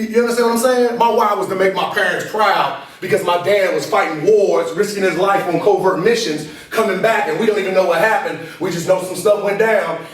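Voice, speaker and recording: A high-voiced man gives an animated motivational talk to a room full of listeners and keeps asking if they follow him. He sounds distant from the microphone, with a strong echo of the room around him. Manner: animated call-and-response, repeatedly asking the audience to follow along. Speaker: motivational speaker and coach. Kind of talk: motivational talk to a live group. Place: meeting room with an audience. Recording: echoey room from far off.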